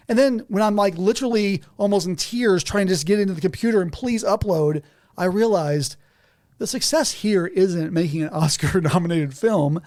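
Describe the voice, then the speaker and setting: A man as a podcast guest in a house, telling stories animatedly and laughing between sentences. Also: sits high. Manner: animated storytelling, often laughing mid-sentence. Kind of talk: casual conversation.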